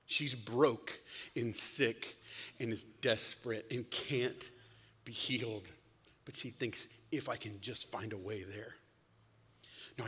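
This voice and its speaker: Husky man preaching in an echoing hall. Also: mid-range voice. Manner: lively, casual, plays out quoted lines. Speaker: pastor. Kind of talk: conversational sermon. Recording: long hall reverb.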